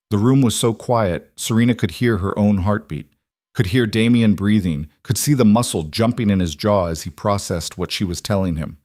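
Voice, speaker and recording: A man narrating a romantic drama story in a measured, dramatic scripted reading. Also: on the low side, darkish tone, no room sound, clean studio sound.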